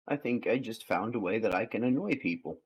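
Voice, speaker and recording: A man's voice: fairly low pitch, expressive, fairly quick, breathy edge, low-quality recording. Easygoing man running a tabletop game. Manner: easygoing, chatty, laughs often. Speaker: game master.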